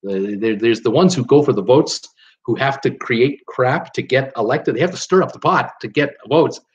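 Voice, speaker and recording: A man's voice: medium pitch, moderate pace, dull audio. A man from Canada hosting a live stream in a rambling, chatty way, full of "uh"s and restarts. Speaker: host of a live cruise channel. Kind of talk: casual live-stream chat.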